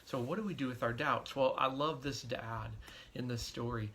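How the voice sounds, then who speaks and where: A man's voice: medium pitch, normal speed, a bit bright, slight background noise. A middle-aged man, a pastor, giving a devotional sermon in an earnest, conversational storytelling way.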